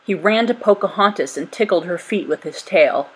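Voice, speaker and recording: Storybook reader, woman, husky, lower-pitched voice, even narration. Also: moderate pace, poor audio. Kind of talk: storybook read-aloud.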